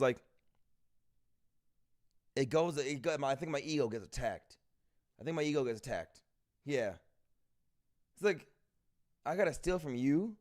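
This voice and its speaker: A young man chatting casually on a stream, rambling with asides. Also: a little high. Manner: rambling, self-interrupting asides. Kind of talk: casual chat.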